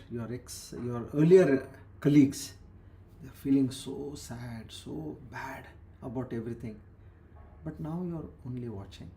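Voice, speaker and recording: A man's voice: medium pitch, mellow. A man giving a spiritual discourse as a teacher, explaining with everyday examples and repeated phrases, sometimes dropping to a near whisper.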